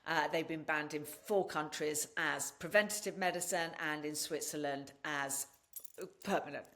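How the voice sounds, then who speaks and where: A woman guest on a podcast interview, telling her own story in a candid, blunt and animated way, swearing freely. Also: low-pitched, moderate pace. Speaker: podcast guest and wellness practitioner.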